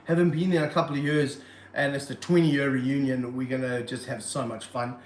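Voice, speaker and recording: A man running a casual livestream from his reptile room, excitable and jokey, full of slang. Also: mid-range voice, brisk, roomy sound, low-quality recording. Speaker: reptile park owner and streamer.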